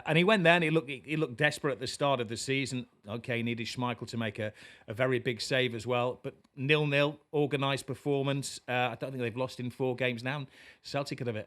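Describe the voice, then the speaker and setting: A man's voice: medium pitch, fairly bright tone. A man with a northern English accent, a guest pundit on a football podcast, chatting casually with frequent stammered restarts.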